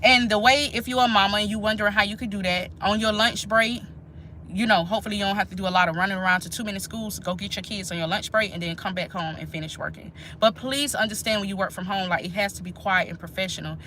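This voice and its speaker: A woman's voice: mid-range voice, fast talker, bright, forceful tone, slight background noise. A woman, chatting casually and emphatically to her viewers during a live stream. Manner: chatty, emphatic, talks straight to viewers as "y'all". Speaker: nurse and channel host.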